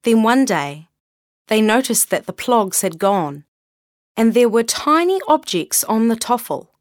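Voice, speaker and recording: A woman reading a children's story aloud in a gentle, unhurried storytelling manner. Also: fairly high pitch, very animated, no echo, studio quality.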